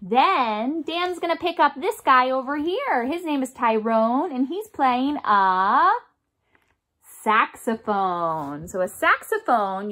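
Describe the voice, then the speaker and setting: Young woman music therapist, high and bouncy, slow, patient sing-song delivery for kids. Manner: animated, sing-song, makes instrument sounds with her mouth. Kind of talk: remote music therapy session for children.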